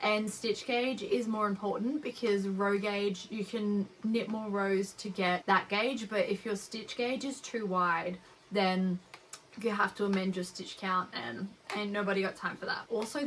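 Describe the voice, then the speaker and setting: A woman's voice: medium pitch, a bit bright, a little hiss or hum, low-quality recording. A young woman with an Australian accent, hosting a knitting podcast in a rambling, chatty way. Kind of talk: casual chat.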